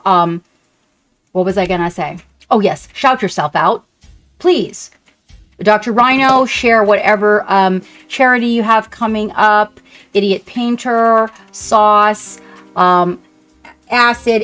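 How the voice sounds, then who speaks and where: A woman streamer chatting casually and warmly with her viewers, gushing and rambling as she paints. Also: medium pitch. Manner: chatty, effusive, talks to chat. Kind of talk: casual live-stream chat.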